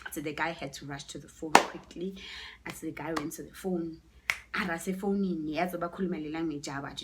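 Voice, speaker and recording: A chatty woman with a South African accent tells a story to her viewers in a casual vlog. Her voice sits on the low side, and she stays animated with quick whispered asides. A faint noise sits behind her. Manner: chatty, switching between English and Zulu, animated with whispered asides. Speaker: YouTuber telling a story.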